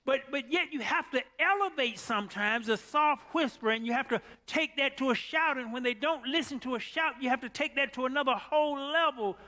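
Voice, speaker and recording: A man preaching a sermon, telling a story in a folksy way and building from soft talk to shouts. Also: very high voice, a little fast, hardly any pauses.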